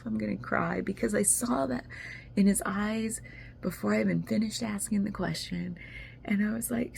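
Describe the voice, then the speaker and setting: Casting note: woman vlogger, very gravelly, mellow tone, emotional and rambling, faint room noise. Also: medium pitch, moderate pace. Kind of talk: casual video journal.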